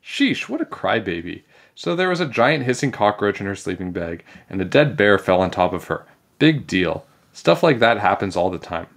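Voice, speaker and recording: A man reading a children's chapter book aloud in a playful, animated way. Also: fairly low pitch, moderate pace. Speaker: storybook reader.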